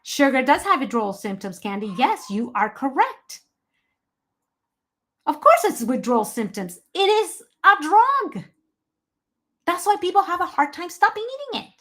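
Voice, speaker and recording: A woman's voice: high voice, sing-song, normal speed, fairly bright tone. Emphatic woman giving a health talk. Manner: emphatic, apologetic asides to chat viewers. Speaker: health presenter. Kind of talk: online health presentation.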